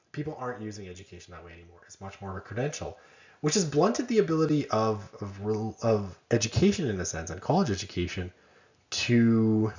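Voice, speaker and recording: A man's voice: fairly low pitch, echoey room, lo-fi sound. A man giving a conversational college lecture, often checking in with "right?" and making self-deprecating asides.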